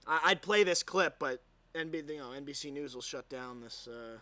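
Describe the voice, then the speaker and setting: A man hosting a commentary show, mocking what he plays with loud outbursts and muttered asides. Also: a little high, moderate pace. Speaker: host. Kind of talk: sarcastic commentary vlog.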